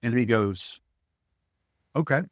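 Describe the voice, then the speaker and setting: A middle-aged man from Alabama spins yarns as a podcast guest, acting out both sides of conversations and stumbling into quick restarts. His voice sits at an ordinary pitch, recorded close and dry with no room sound. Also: no echo. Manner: animated storyteller, acts out dialogue, frequent restarts. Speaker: guest, ticket broker. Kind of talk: storytelling in a podcast interview.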